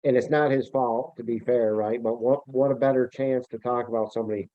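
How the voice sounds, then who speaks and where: A man from Vermont, USA, back as a returning guest on an interview show, talks in a casual, rambling way and often searches for words. His voice is medium-pitched, dark, brisk, and fairly even. The remote line sounds tinny and phone-like, dry with no room sound.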